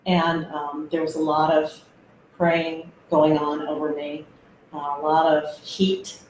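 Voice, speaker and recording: A woman guest telling a personal story, hesitant and reflective, with many pauses and fillers. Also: low voice, monotone, background noise. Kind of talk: personal testimony. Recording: roomy echo.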